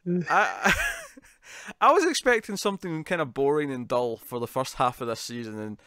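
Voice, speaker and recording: A man co-hosting a casual TV review chat, laughing often and slipping into animated impressions of characters. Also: medium pitch, moderate pace, no room sound, clean studio sound. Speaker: podcast co-host.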